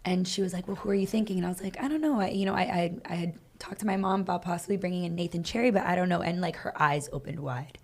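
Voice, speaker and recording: Animated woman telling stories, low voice. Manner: animated, acts out quoted dialogue, fast bursts. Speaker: podcast co-host, dance team coach. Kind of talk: casual storytelling chat.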